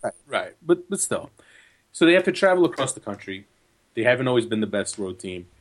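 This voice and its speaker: A man's voice: medium pitch, sing-song, brisk. A man from New Jersey co-hosting a soccer podcast, talking casually and joking, with frequent restarts. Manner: chatty, joking, lots of restarts. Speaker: podcast co-host.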